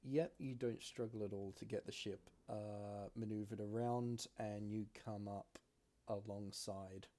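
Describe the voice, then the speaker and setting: Man, game master, tabletop game, relaxed, explanatory. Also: fairly low pitch, unhurried.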